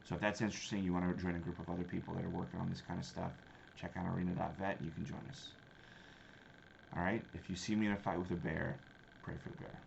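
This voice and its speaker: Male sales trainer, very low pitch, emphatic coaching delivery, faint background noise. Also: level tone, fast, creaky, highs cut off. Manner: coaching, emphatic, repeats key points. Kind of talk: instructional talk to camera.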